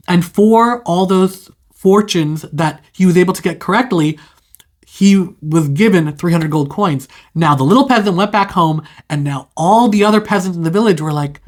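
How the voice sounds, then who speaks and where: Chatty host retelling an old tale off the cuff, rambling, plenty of asides, mid-pitched voice. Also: normal speed. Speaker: storyteller. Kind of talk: casual retelling of a fairy tale.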